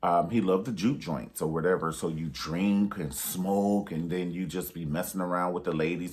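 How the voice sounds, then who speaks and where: Sassy, emphatic, and deep-voiced, this man gives a laid-back movie review monologue. He repeats lines for emphasis and keeps dropping pet names.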